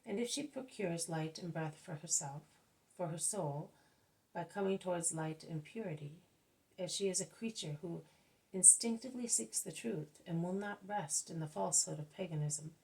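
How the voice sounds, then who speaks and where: A woman voicing a gentle male spiritual teacher who explains in a measured, patient way. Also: lowish voice, natural voice, poor audio. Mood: calm.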